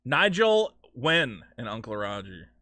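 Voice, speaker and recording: Crude joking male streamer, lively pitch. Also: unhurried, no echo. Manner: crude, rambling, joking, swears freely. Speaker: gaming streamer. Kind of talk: casual gameplay commentary.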